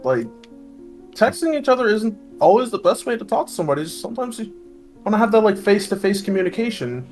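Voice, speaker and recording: A man talking in a relaxed, reflective way during a casual chat. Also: high-pitched, fast talker, soft background music.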